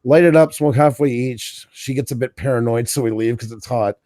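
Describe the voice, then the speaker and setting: A man's voice: mid-range voice, moderate pace, warm tone, no room sound, studio quality. A man from Canada telling a long funny anecdote in casual chat, laughing often and acting out what people said. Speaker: podcast co-host.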